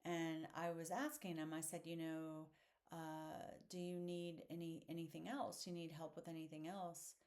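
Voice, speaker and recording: A man's voice: on the high side, little pitch movement, normal speed. A man hosting a podcast, telling a personal story in a reflective, hesitant way with frequent fillers, earnest and heartfelt. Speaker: podcast host.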